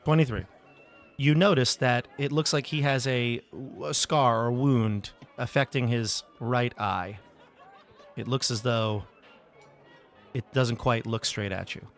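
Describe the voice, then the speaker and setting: A man runs a tabletop game as its game master, narrating at an easy pace. He often stops on fillers and restarts his sentences. Soft music plays quietly behind him. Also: mid-range voice. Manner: relaxed, halting narration with many fillers.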